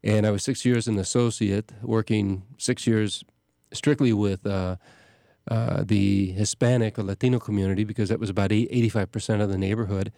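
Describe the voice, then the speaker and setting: A middle-aged man, a parish priest hosting a show, talking casually in a halting way with many restarts and fillers. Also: fairly low pitch, steady tone, dark tone, no echo, studio quality. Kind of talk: casual talk.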